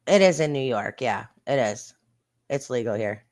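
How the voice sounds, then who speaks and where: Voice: medium pitch, moderate pace, darkish tone. Blunt, indignant livestream host. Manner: blunt and indignant, with mild swearing; chatty, talks straight to the viewers. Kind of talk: casual livestream commentary on viral videos.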